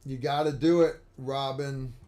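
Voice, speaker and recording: A man's voice: medium pitch, steady tone, dark tone. A man co-hosting a casual livestream, reading out viewer donations and chatting loosely. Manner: slow, gravelly, swears casually. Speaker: livestream co-host.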